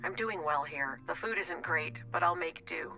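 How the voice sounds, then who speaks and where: A woman voicing a calm, deep-voiced male surgeon who speaks low and softly with dry teasing. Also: moderate pace, lo-fi sound, over music, natural voice. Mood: reassuring.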